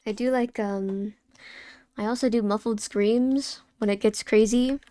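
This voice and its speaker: Young female art streamer, casual and irreverent, slightly high voice, dry close-mic sound. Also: fairly even intonation, measured pace, warm tone, dry recording. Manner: chatty, swears casually, laughs, answers chat. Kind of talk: casual chat while drawing on stream.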